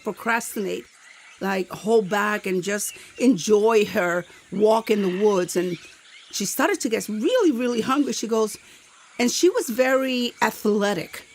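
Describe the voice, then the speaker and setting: A woman telling a family story to children in a lively, animated way. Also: a little high, a little hiss or hum.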